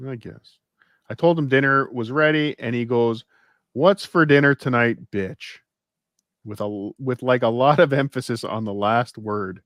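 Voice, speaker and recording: A man co-hosting a casual chat podcast at a middle pitch. He reads a story aloud and drops wry, deadpan asides, on a close, dry mic with no room sound. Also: moderate pace, no room sound. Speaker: podcast co-host.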